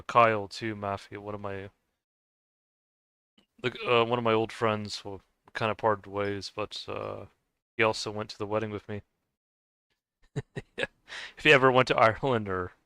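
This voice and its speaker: A man's voice: fairly low pitch, bright, forceful tone, clean tone, dry recording. A man chatting casually while he plays a game, hesitant, with many filler sounds and restarts. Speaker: gaming video host.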